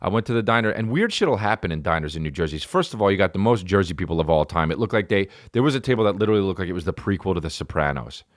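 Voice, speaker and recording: A man's voice: low voice, lively intonation, racing, few pauses, dry recording, studio quality. A man in his thirties telling a rambling, profane comic story on a podcast, with many restarts. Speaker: comedian. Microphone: studio podcast mic.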